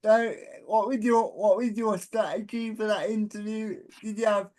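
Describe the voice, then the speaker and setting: High, mellow-voiced stammering male host. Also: level tone, normal speed. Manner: stammering, repeats his words. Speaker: podcast host. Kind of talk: casual interview chat.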